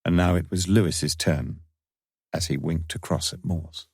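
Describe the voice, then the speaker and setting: A man reading an audiobook in a measured, even scripted narration. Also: deep voice, husky, no room sound, studio quality.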